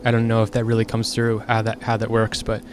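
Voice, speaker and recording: A man's voice: on the low side, monotone, fairly quick, noisy background. A young man telling a personal story in a casual, frank monologue, exasperated and swearing freely. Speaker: streamer.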